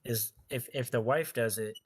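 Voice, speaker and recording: A man's voice: mid-range voice, normal speed, dry recording. Casting: easygoing male podcast co-host, teasing, dry close-mic sound. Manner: easygoing, teasing, laughs often. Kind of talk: casual chat.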